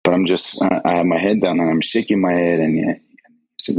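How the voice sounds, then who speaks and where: Deep husky man telling a story. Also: fairly even intonation, brisk, darkish tone, rough recording. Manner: earnest, repeats words, acts out quoted voices. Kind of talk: personal storytelling.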